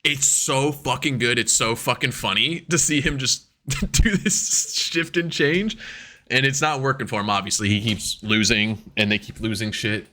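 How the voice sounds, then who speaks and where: A man co-hosting a podcast with a bright, tense edge to his voice at a middling pitch. He chats casually, gets excitable, swears freely and slips into the voices of the people he talks about. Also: normal speed, slight background noise. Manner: excitable, profane, acts out quotes. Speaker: podcast co-host. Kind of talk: casual chat.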